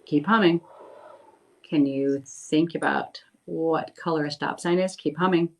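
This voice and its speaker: Low-voiced woman chatting on a livestream. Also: fairly even intonation, measured pace, a little mellow, rough recording. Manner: chatty, reads viewer comments aloud, reassuring. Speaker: medium doing live readings. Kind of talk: casual livestream chat. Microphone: phone.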